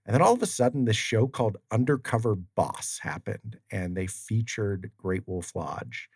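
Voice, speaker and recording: A low-voiced man in a casual studio interview, telling stories with lots of "you know" fillers and acting out quoted exchanges. The sound is dry and close, with almost no room around the voice. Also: moderate pace, vocal fry, hardly any pauses, a little mellow, slightly rough, dry recording. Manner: storytelling, acts out quoted exchanges, many fillers. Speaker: guest, tribal community development official. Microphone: studio mic.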